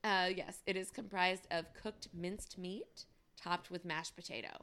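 A woman's voice: lowish voice, fairly even intonation, measured pace, pushed and bright, smooth. Chatty American woman telling a story. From United States. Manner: chatty storyteller, laughs often, jokey asides. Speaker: podcast co-host. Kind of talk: casual chat.

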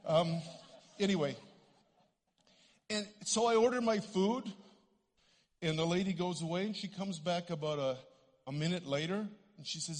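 A man's voice: sits high, measured pace, long pauses. A middle-aged Canadian man preaching a sermon in a church sanctuary, telling stories and acting out the voices in them. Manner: animated storytelling, acts out voices. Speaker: guest preacher. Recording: long church hall reverb.

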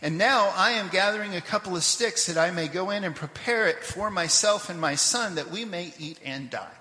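A man preaching a sermon, telling a scripture story in a lively way with asides to the congregation; he grew up in Papua New Guinea. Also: high-pitched, moderate pace, reverberant, big-room sound. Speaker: pastor. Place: church sanctuary.

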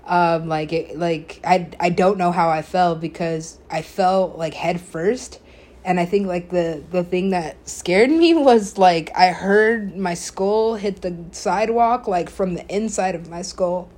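A woman with a slightly low voice talks through a story on her own podcast. She rambles, leans hard on filler words, swears freely and laughs often as she goes. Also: a little slow, a little mellow. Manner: laughs often while telling. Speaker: podcast host. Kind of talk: casual storytelling monologue.

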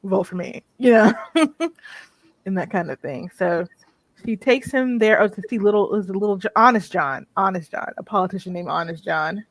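Animated woman retelling a movie plot. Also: medium pitch, brisk, no echo. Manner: animated storytelling with frequent laughter. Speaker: co-host of a movie review show. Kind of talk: casual chat.

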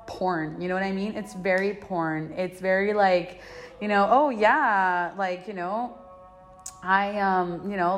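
A young woman hosting a podcast, talking through a personal experience in a rambling, emotional way, full of filler words and swearing, her voice jumping high when she exclaims. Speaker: podcast host. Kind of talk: personal confessional talk.

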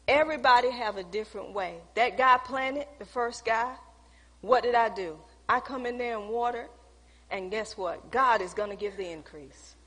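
A woman's voice: on the high side, a bit bright, breathy edge. A woman pastor preaching a sermon, telling a personal story and acting out conversations with emphasis. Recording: long hall reverb.

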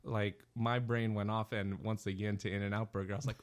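A man co-hosting a podcast, telling stories in a casual, animated way and laughing often. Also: fairly low pitch, a little fast. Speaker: podcast co-host. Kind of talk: casual chat.

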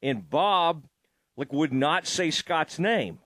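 A man's voice: fairly high pitch, lively intonation, slow pace, fairly bright tone, no room sound. Rambling male interview host, dry sound. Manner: rambling, hesitant questions with many restarts. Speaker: podcast host. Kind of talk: casual interview chat.

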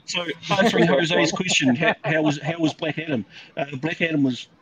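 A man's voice: on the high side, normal speed, a bit bright, slight background noise, poor audio. A man with a New Zealand accent, chatting casually and swearing freely on a video call from home. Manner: laid-back, swears freely. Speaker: stream guest. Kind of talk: casual chat.

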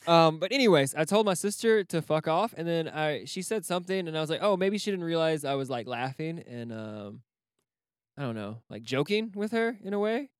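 A man's voice: a little high, a little fast, smooth, no room sound, clean studio sound. A man co-hosting a casual podcast chat, rambling, swearing freely and laughing often. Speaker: podcast co-host.

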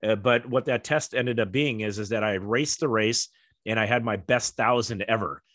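A man's voice: lowish voice, normal speed, a bit bright, dry recording. A middle-aged American man, a former athlete, telling stories in a rambling casual way with lots of fillers. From United States. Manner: rambling, many fillers, acts out quoted voices. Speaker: guest, former Olympic kayaker. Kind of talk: casual storytelling interview.

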